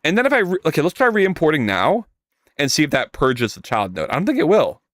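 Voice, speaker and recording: Speaking a little fast in a voice on the high side, a male livestreamer codes live while chatting casually with viewers. He's animated and jokey, reading their messages aloud and rambling.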